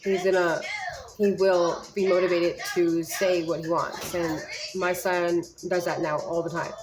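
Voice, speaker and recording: A woman's voice: on the low side, little pitch movement, a little slow, music in the background, low-quality recording. Rambling young mother giving speech tips. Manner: rambling, many fillers and restarts. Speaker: parent sharing speech tips. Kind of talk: casual advice vlog.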